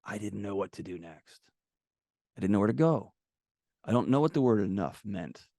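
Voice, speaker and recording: A man guest on an interview podcast, telling personal stories in a candid, animated conversational way. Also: on the low side, moderate pace, vocal fry, no room sound, studio quality. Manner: candid, animated, acts out quotes. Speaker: guest author. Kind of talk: casual conversational storytelling.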